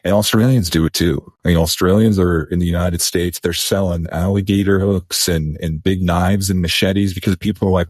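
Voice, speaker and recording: Low husky guy on a podcast, rambles and repeats himself, dead dry sound. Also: steady tone, normal speed, hardly any pauses, a little mellow, no room sound. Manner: rambling, repeats words, restarts. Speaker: podcast co-host. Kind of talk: casual podcast chat.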